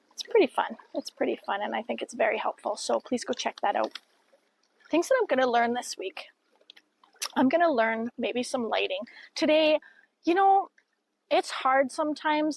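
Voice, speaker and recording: A woman's voice: on the high side, gravelly, poor audio. A middle-aged woman vlogging outdoors by a river, chatty and encouraging as she talks to camera. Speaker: vlogger and podcaster. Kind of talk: casual talk to camera.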